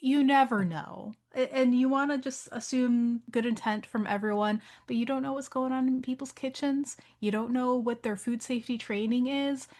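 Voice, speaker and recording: A woman co-hosting a podcast, recapping a film plot in casual chat. She tells it in an animated way and laughs easily. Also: high voice, normal speed, hardly any pauses. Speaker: podcast co-host.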